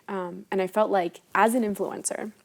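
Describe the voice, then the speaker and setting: Woman in her 20s, travel guest, a bit of vocal fry, earnest and emphatic. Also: mid-range voice, fairly even intonation, normal speed. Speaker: guest, impact travel influencer. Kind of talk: casual interview talk.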